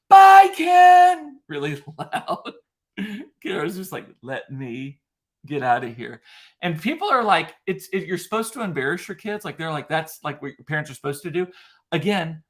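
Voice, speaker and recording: Pitched fairly high, this middle-aged man hosts a podcast and spins a story in relaxed chat. He curses, stays lively, and imitates the voices of everyone he quotes.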